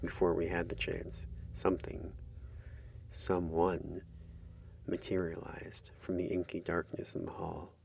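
Male storyteller, very low voice, measured first-person horror narration, faint noise behind. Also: completely flat delivery, gravelly.

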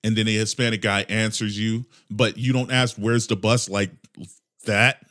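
A man riffs through a comedic podcast monologue, his voice jumping from loud exclamations to low mutters. He talks casually and swears freely, keeping an animated, restless energy. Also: normal speed. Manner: animated, profane ranting with mock voices. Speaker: podcast host.

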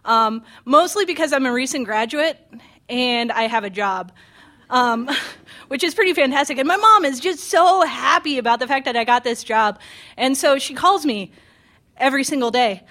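A woman's voice: sits high, moderate pace, a bit bright. A young woman in her twenties from Pennsylvania telling a funny personal story on stage, chatty and self-mocking. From Pennsylvania, USA. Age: 20s. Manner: chatty, self-mocking, many ums and restarts.

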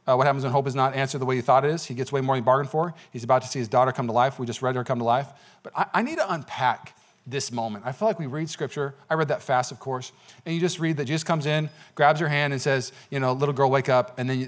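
A man preaching a sermon as pastor in a church, talking conversationally with frequent "okay?" asides. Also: medium pitch. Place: church sanctuary.

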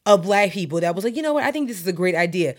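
A woman's voice: on the low side, expressive, rapid-fire. A young adult woman podcast co-host, making her point emphatically in casual chat. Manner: emphatic, opinionated explaining.

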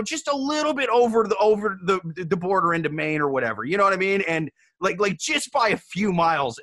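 Bright-voiced man in comedic chat. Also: high-pitched. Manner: animated, profane, repeats words and restarts, breaks into loud joke voices. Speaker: podcast co-host.

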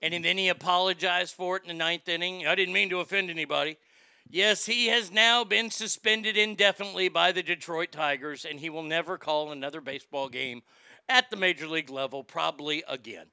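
A man's voice: fairly high pitch, steady tone, brisk, bright, forceful tone, clear, resonant tone, no echo. A man ranting in a sarcastic, indignant, profane commentary, recorded on a close mic. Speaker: social media commentator.

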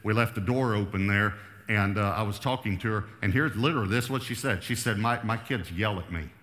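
A man preaching from the pulpit with a bright, forceful voice that carries through a big reverberant room. He leans hard on key words, lifting his pitch for emphasis, and slows down deliberately when he reads scripture aloud. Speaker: pastor. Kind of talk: sermon. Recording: long hall reverb.

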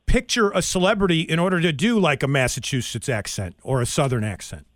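A man's voice: a little high, brisk, no echo, clean studio sound. A man hosting a radio interview in an eager, chatty way. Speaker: radio host.

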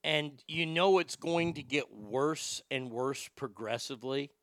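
A man telling stories in a casual livestream as a former radio host, animated, swearing freely and reading out viewer comments. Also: mid-range voice, unhurried, dry recording, studio quality.

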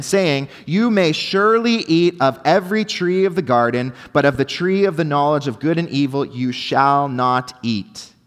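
A young pastor delivers an earnest sermon, his voice sitting a bit high for a man. He peppers the congregation with rhetorical questions, sinking to hushed tones and then pressing his points with force. The room trails a long reverb behind each phrase. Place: church hall.

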